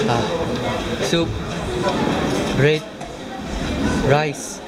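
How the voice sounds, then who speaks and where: A man's voice: mid-range voice, steady tone, normal speed, long pauses, a loud crowd. A man narrating his own mountain hike on a handheld camera, out of breath and talking in a matter-of-fact way as he climbs outdoors. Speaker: vlogger. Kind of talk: hiking vlog narration.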